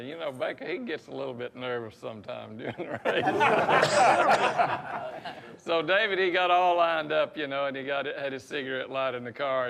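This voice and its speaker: A man's voice: mid-range voice, gravelly, fairly bright tone, slight background noise. An older man chuckling as he tells a racing anecdote. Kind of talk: casual storytelling.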